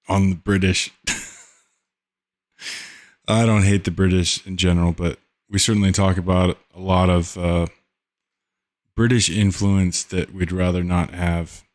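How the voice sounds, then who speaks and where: A man hosting a podcast, talking casually and haltingly, often searching for words. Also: low voice. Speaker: podcast host. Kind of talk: casual solo commentary.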